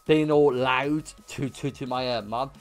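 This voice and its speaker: A young man livestreaming, telling a story to his chat in an animated way with lots of swearing and bursts of laughter. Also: mid-range voice, a little slow. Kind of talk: casual storytelling to stream chat.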